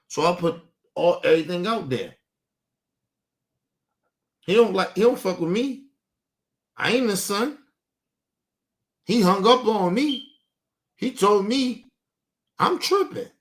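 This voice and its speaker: A young man, ranting emotionally and profanely on a live stream, dropping low and quiet, then bursting out loud. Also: expressive, unhurried, pauses often.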